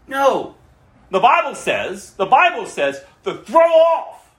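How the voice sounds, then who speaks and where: Animated preaching man in an echoey room. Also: very high voice. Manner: emphatic preaching, rhetorical questions, shifts between loud and hushed. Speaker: pastor. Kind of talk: sermon.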